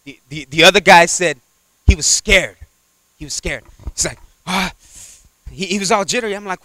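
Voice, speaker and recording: A man preaching a sermon, swinging from loud exhortation to quiet asides and acting out little dialogues. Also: on the high side, lively intonation, normal speed, long pauses, dry recording. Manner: acts out little dialogues in character voices.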